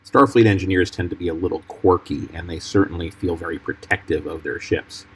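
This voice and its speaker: A man, a film editor, giving measured, explanatory commentary over clips from a fan film. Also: deep voice, steady tone, a little hiss or hum, rough recording.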